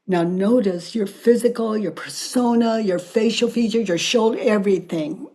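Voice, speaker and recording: An older woman facilitating a self-inquiry session, calm and deliberate, often dropping to a whisper. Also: medium pitch. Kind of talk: slow guided inquiry dialogue.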